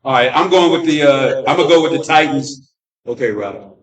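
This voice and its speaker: A man's voice: mid-range voice, animated, brisk. Laid-back man hosting from far off. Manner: laid-back, teasing, calls out picks. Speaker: host. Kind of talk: casual sports chat. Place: restaurant and bar.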